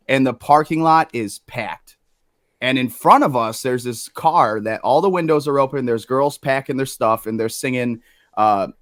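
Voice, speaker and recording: A man on a casual podcast telling a story, animated and swearing, acting out what others said. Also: mid-range voice, no room sound, clean studio sound. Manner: animated, swearing, acts out quoted lines. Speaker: guest storyteller.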